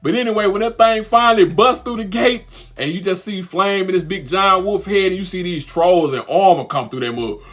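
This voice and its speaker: A young man giving an animated, slang-heavy fan commentary, repeating lines for emphasis. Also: sits high, brisk. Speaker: vlogger.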